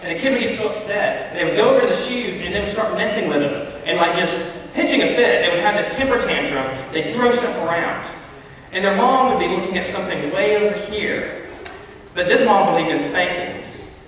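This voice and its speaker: A man's voice: high voice, lively intonation, brisk, a bit bright, slight background noise. Man telling kids a story in a big echoing hall. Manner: storytelling, conversational, addresses kids. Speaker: youth speaker. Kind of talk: children's Bible talk. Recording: echoey hall, far from mic.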